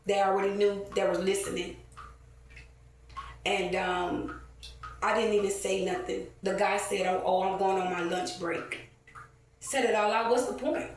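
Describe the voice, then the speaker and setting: A woman's voice: medium pitch, fairly even intonation, measured pace, pauses often. A woman, telling a heated, profane story to camera with many fillers. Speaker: vlogger. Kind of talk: casual rant to camera. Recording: very echoey, distant, faint ambient noise.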